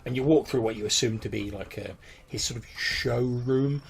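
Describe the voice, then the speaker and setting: A man runs a tabletop game in a relaxed, rambling way, his voice mid-pitched and gravelly. His narration is casual and full of fillers, with faint noise in the background. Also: normal speed. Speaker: game master.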